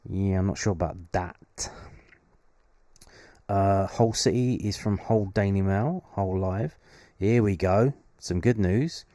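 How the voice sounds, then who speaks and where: A man's voice: on the low side, dark tone, no room sound, studio quality. Wry chatty young man. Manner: chatty, wry asides, London slang. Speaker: fan channel host. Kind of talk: casual solo commentary, reading predictions aloud.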